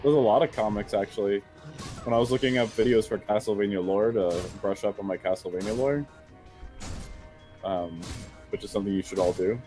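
Low, mellow man chatting. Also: brisk. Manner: relaxed, wry, trivia-sharing. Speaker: guest co-commentator. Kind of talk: casual gameplay chat. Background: faint game music.

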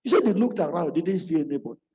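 Male preacher, fairly high pitch, mellow tone, storytelling sermon, long hall reverb. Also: expressive, fast. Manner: acts out quoted speech in his stories.

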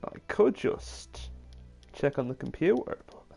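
Slow, creaky-voiced male streamer, deadpan. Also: a little high, soft background music. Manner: dry, self-deprecating, offhand mumbling. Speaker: game streamer. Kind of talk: casual live-stream commentary.

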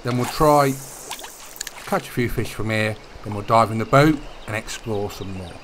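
A young man giving relaxed, chatty commentary over a fishing video game, sharing tips as he plays. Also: lowish voice, moderate pace, a little hiss or hum. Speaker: gaming YouTuber. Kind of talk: casual gameplay commentary.

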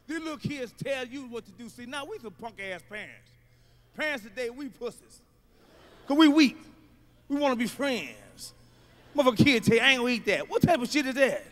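A man doing stand-up comedy, telling profane, animated stories and acting out shouts. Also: extremely high pitch, normal speed, long pauses. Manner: profane, loud, animated storytelling with acted-out shouts.

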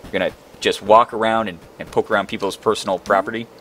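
A young man commentating a video game, excitable and quick to exclaim. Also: on the low side, a little hiss or hum. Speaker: gaming video host. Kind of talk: let's play commentary.

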